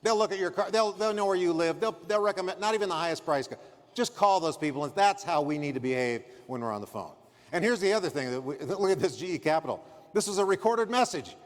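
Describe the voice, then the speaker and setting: A man's voice: high-pitched, lively intonation, fast talker, in a large hall. A man giving a motivational conference keynote in an emphatic, punchy way, acting out customer scenes. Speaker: keynote speaker. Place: conference stage.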